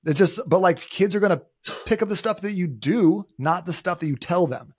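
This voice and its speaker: A man's voice: high-pitched, moderate pace, slightly rough, dry recording, clean studio sound. A man in his thirties, a podcast guest, telling stories in casual conversation and acting out the voices of people he quotes. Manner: animated storyteller, acts out quoted voices.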